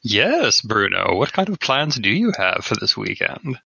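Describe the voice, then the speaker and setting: A man's voice: on the low side, very animated, measured pace, vocal fry, pushed and bright, breathy edge, no echo, highs cut off. A man playing a tabletop game, talking in character in a dry, mock-formal way. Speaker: player.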